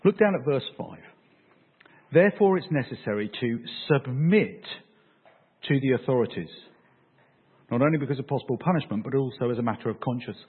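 A man preaching a sermon, animated and joking with his congregation. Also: medium pitch, a little fast, long pauses, breathy edge. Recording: phone-like, echoey hall sound.

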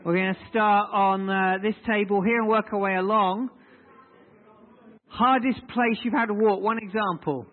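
A man with a high voice gives a relaxed sermon and leads a table discussion, repeating his questions and teasing people. The sound is thin and tinny, and it rings in a big reverberant hall. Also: moderate pace. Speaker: preacher leading a group session. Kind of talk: informal sermon with audience discussion.

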